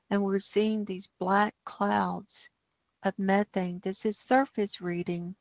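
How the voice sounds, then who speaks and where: A woman's voice: medium pitch, no echo, dull audio. A woman hosting a livestream, walking through data maps and growing alarmed, ranting as she goes. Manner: alarmed, ranting, talks over a map. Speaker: livestream host.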